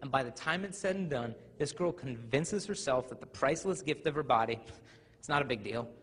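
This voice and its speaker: A youth speaker with a mid-range, slightly bright, breathy voice gives an animated, fairly quick live talk to students in a large hall, telling funny stories and acting out voices. The hall is reverberant, with faint ambient noise.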